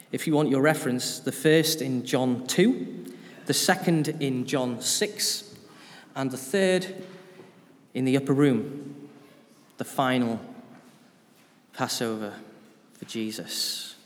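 A man's voice: medium pitch, lively intonation, slow pace, long pauses, big-room sound. A man preaching an informal sermon in a church, chatty and often putting questions to the congregation.

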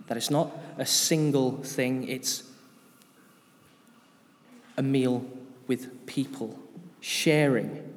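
A man's voice: mid-range voice, steady tone, very slow, pauses often, in a large hall. A man preaching an informal sermon in a church, chatty and often putting questions to the congregation.

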